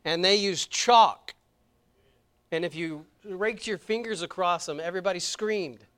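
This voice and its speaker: Pastor, male, middle-aged, high and clear voice, preaches with big swings between hushed and fervent. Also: a little slow. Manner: swings from quiet and intimate to loud and fervent. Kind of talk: sermon. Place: church sanctuary.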